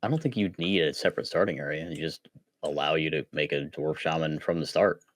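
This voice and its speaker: A man's voice: very deep voice, a little fast, no room sound, clean studio sound. A man chatting casually as a podcast guest, eager and full of "like" fillers and restarts. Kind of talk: casual chat.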